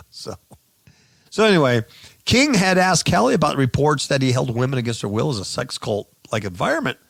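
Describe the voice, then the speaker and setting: A man's voice: mid-range voice, gravelly, no room sound, studio quality. A man hosting a radio show, giving sarcastic, mocking commentary on news stories.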